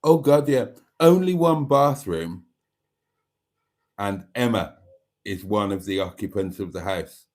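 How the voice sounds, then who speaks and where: A man's voice: fairly low pitch, lively intonation, takes it slowly, long pauses, darkish tone. A man hosting a live stream, reading out viewer comments with wry, self-mocking asides. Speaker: channel host.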